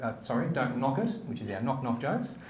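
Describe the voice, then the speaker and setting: A man hosting a comedy show, relaxed and full of fillers. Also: mid-range voice, brisk. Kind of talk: casual hosting.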